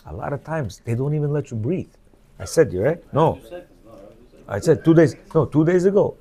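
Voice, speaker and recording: A man's voice: a little high, animated, moderate pace, dark tone, slightly rough. A man reads from a book to a men's class and explains it in a chatty way, often asking his listeners if they follow. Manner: conversational, repeats questions to the listeners. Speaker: Torah class teacher.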